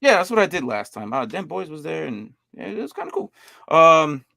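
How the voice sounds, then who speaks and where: A man hosting a casual podcast chat, laughing easily and reading things aloud with halting fillers. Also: a little high, big pitch swings, vocal fry, sharp tone, no echo. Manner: loose, laughing, reads signs aloud haltingly. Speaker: podcast host. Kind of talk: casual chat, reacting to a video.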